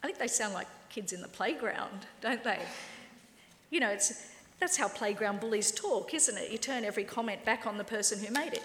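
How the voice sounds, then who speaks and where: A woman's voice: medium pitch, a little fast. Wry woman preaching in echoey hall. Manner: lively, wry, acts out quoted voices. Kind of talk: sermon. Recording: echoey hall with long reverb.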